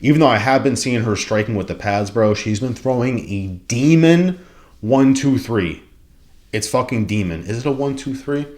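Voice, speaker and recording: A young man hosting a casual fight-betting vlog, rambling and profane, breaking into excited bursts and sound effects. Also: mid-range voice, brisk, hardly any pauses. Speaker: betting podcast host.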